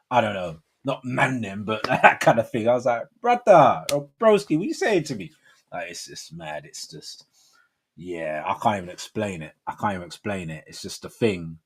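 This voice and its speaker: This livestream host, a man in his forties, speaks with a lowish voice that has a breathy edge. His casual chat rambles along in slang, broken up by frequent laughter.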